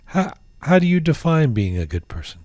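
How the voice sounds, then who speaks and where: A man hosting a podcast interview, asking his questions with hesitant fillers and a lively lilt. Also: on the high side, normal speed, dry recording, studio quality. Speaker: podcast host.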